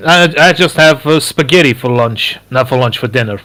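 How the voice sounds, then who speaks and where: A man's voice: mid-range voice, normal speed, sharp tone. A man in a voice call, chatting casually and repeating himself as he restarts his sentences. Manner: repetitive, restarts, reassuring. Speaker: voice chat guest. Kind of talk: casual chat. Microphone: computer headset over voice chat.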